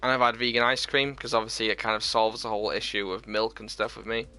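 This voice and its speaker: A man talks casually through a live gaming stream. His voice is bright and forward, and he reads viewers' comments aloud and chats back to them in an easy way. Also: fairly low pitch, flat delivery, fast talker, faint music behind.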